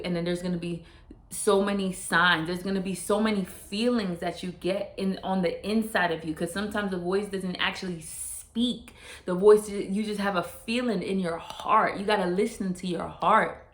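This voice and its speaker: A woman's voice: lowish voice, steady tone, normal speed. A woman vlogger giving earnest, casual life advice straight to the viewer, often repeating and restarting her phrases and dropping in slang. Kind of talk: casual motivational talk to camera. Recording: roomy echo.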